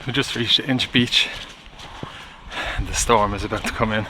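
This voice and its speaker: A man's voice: lowish voice, steady tone, normal speed, background noise. An Irish man chatting casually to camera while out hiking, talking in a loose, rambling way. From Ireland. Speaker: vlogger hiking. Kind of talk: casual on-the-go commentary. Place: outdoors on hills and a beach in wind and rain.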